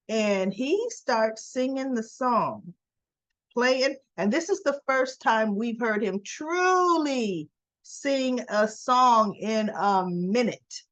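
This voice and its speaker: A woman's voice: fairly high pitch, no echo, highs cut off. A woman hosting a soap opera recap, casually retelling scenes and acting out the characters' quotes.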